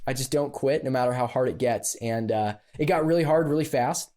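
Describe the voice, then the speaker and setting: A man with a mellow, warm voice sits as a podcast guest and tells a story from his own life. He talks casually and animatedly, laughing often and scattering fillers through his sentences. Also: medium pitch, fairly quick.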